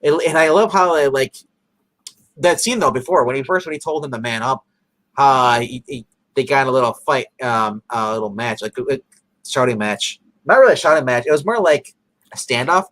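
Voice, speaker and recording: A man's voice: medium pitch, normal speed, a bit bright, dry recording, rough recording. A man co-hosting a casual episode recap, rambling with many fillers and acting out characters' lines. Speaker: podcast co-host.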